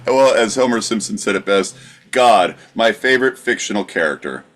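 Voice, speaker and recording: A man's voice: lowish voice, animated, moderate pace, fairly bright tone. A man co-hosting a live comedy podcast, asking questions in a wry, joking manner.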